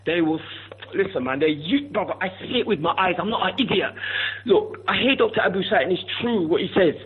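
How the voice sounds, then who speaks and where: A man calling into a radio talk show, ranting forcefully and calling everyone "bruv". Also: high voice, expressive, fast talker, slight background noise. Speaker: caller. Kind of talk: heated phone-in rant. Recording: tinny phone line.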